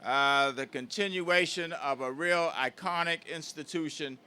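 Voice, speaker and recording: Bright, ringing man greeting an outdoor crowd. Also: fairly high pitch, unhurried, clean tone. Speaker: city mayor giving remarks. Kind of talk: public speech at a street event. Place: outdoors in a city.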